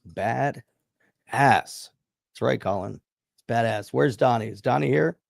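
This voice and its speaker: A man's voice: mid-range voice, unhurried, creaky, no echo, studio quality. A man co-hosting a live stream podcast, chatting upbeat and reading out viewer comments. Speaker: podcast co-host.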